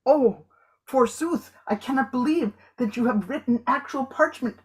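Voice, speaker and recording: A woman's voice: high voice, a little fast, slightly rough. A woman performing comic improv scenes, overacting with mock old English flourishes. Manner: over-the-top theatrical, mock old English. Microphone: video call.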